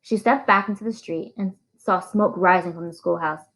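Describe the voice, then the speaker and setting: Woman reading a novel aloud, gravelly. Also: on the low side, normal speed, rough recording. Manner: steady storytelling. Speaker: reader.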